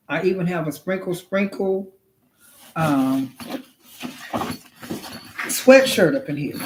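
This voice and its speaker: A woman's voice: fairly low pitch, animated, unhurried, pauses often, noisy background. A woman hosting a casual, comic livestream, sassy and drawling, who keeps calling her listeners honey. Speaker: livestream host. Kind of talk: casual comedic livestream chat.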